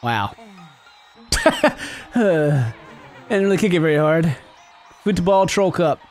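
A man giving excited let's-play commentary, giggling, yelping and shouting as he plays. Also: fairly high pitch, slow pace, soft background music. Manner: giggly, exclamatory, yelps and shouts. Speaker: gaming video host.

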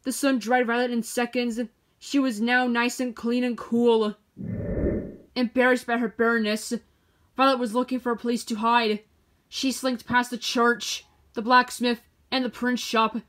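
A woman with a somewhat high voice reads a children's picture book aloud. Her delivery is expressive and made for a young audience. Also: a little slow. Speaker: storybook reader.

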